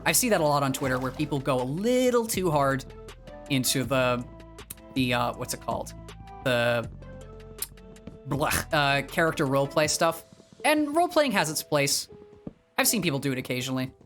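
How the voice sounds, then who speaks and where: A man's voice: mid-range voice, animated, normal speed, pauses often, fairly bright tone, faint music behind. A young man from the northeastern US, chatting casually on his livestream and rambling, with many fillers and restarts. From northeastern US, near Boston. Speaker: streamer.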